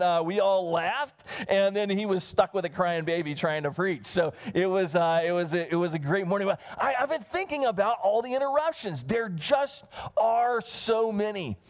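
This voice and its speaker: A male pastor in his thirties giving a casual, conversational sermon, full of fillers and restarts. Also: high-pitched. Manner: rambling and self-interrupting, with many fillers and restarts. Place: church livestream.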